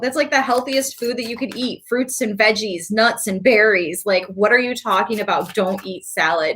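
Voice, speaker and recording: A woman giving a casual tarot reading to her viewers, chatty and quick to laugh, with animated asides. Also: a little high, slight background noise. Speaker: tarot reader.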